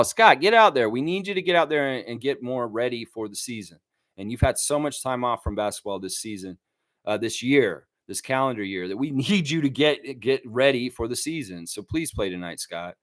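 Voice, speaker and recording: A man hosting a casual fan livestream, rambling and animated as he talks to his chat. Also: mid-range voice, no echo. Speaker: fan channel host.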